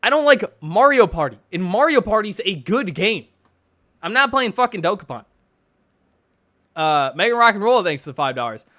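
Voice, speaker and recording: Lively, bright-voiced ranting male streamer. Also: high voice, normal speed, dry recording, clean studio sound. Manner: profane, ranting, mocking; reads chat and posts aloud with sarcastic asides. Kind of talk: casual live-stream reaction commentary.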